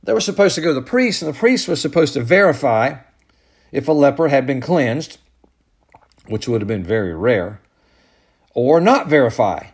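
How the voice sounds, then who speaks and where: A man preaching a sermon as pastor, building to loud, emphatic peaks and then dropping low and soft. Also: sing-song, normal speed, long pauses, husky.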